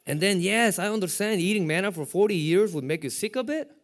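A middle-aged man, a pastor, preaching a sermon with lively rhetorical questions. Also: high voice, fairly quick.

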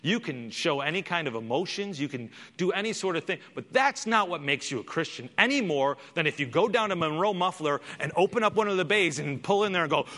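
A man's voice: on the high side, expressive, a little fast, hardly any pauses, sharp tone. A man preaching a sermon as pastor in a church sanctuary, emphatic and full of rhetorical questions. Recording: long reverb in a large hall.

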